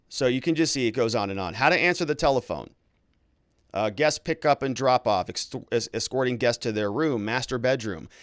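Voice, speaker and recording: Animated, sarcastic male legal commentator. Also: medium pitch, no room sound, studio quality. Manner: animated, sarcastic, reads documents aloud. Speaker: lawyer and legal commentary host.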